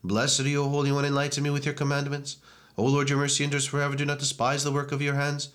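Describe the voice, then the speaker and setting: A man reciting liturgical prayers in a brisk, steady monotone. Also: medium pitch. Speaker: reader of prayers. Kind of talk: liturgical reading.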